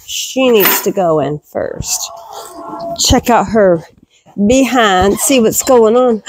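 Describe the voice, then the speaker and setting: A woman's voice: a little high, lively intonation, slow pace, a little mellow, no room sound, poor audio. A woman goat farmer vlogging casually while doing barn chores, talking fondly to her goats and scolding them.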